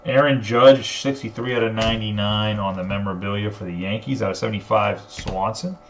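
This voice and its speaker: A man's voice: fairly low pitch, fairly even intonation, fairly quick. A man hosting a live card break, casually rattling off card names and serial numbers.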